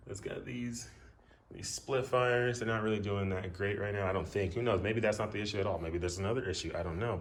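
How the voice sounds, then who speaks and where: A man talking casually through a car repair, rambling and easygoing, with lots of fillers and restarts. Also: low voice. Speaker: car vlogger. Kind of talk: casual chat.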